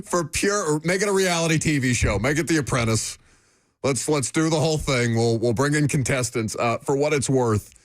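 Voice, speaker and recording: A man's voice: mid-range voice, dry recording, clean studio sound. A man hosting a sports radio show, joking and rambling loosely. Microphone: studio microphone.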